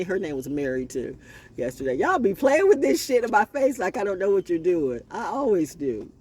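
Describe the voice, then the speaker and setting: A man telling a rambling spiritual story outdoors, confrontational and animated, with laughing asides. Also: sits high, a little fast, husky. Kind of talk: rambling casual monologue.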